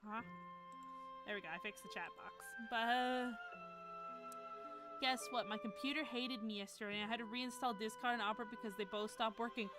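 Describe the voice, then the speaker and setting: A woman's voice: fairly high pitch, fairly even intonation, brisk, pauses often. A young woman live-streaming, chatting casually and scatterbrained with her viewers, laughing often. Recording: music playing behind.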